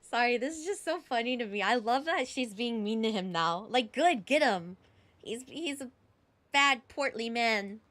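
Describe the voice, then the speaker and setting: A young woman streaming a game reaction, giggly and animated as she reacts out loud in casual chat. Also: on the high side, normal speed, slight background noise.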